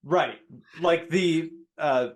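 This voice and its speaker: Podcast guest, man, slightly high voice, hedging explainer. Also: extremely slow. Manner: hedging, many fillers and restarts when explaining. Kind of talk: casual podcast chat.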